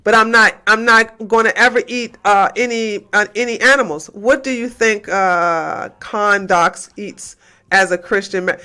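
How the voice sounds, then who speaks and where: A woman hosts a heated livestream rant, taunting her chat and firing the same questions again and again. Her voice is bright and tense, and her talk is combative and full of profanity. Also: mid-range voice, measured pace, clean tone. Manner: repeats and hammers questions. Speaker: livestream host.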